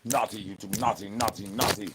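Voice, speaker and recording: A man's voice: lowish voice, fairly even intonation, brisk, very noisy. A young man talking into his phone on a live stream, rambling in a playful, sing-song way full of nonsense catchphrases.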